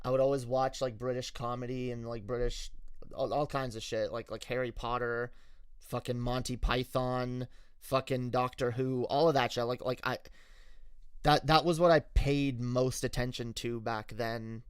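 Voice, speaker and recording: Smooth-voiced man telling a frank story. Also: mid-range voice, fairly even intonation, normal speed, dry recording, clean studio sound. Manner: frank and profane, with frequent restarts. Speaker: streamer. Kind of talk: casual personal storytelling on a livestream.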